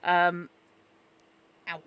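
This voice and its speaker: A woman running a tabletop horror game as game master, chatty and quick to correct herself and apologise. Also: over a noisy crowd.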